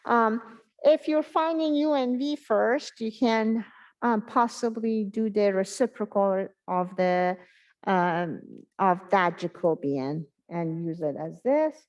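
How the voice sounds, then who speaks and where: A woman giving a math exam review in an online class, talking in a halting way and thinking aloud with many pauses and fillers. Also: mid-range voice, darkish tone, dull audio. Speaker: math instructor.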